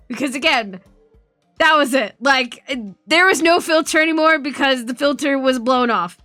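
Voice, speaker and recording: A woman streamer with a high, bright voice chats casually with her viewers, swearing freely and laughing as she tells her story. She talks at normal speed, and the sound is dry and close with no room sound, just faint music underneath.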